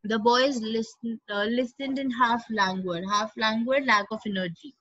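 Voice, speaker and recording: A woman's voice: a little high, moderate pace, fairly bright tone, no echo, highs cut off. A woman teacher reads a story aloud to a class and explains it, repeating lines and glossing hard words. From India.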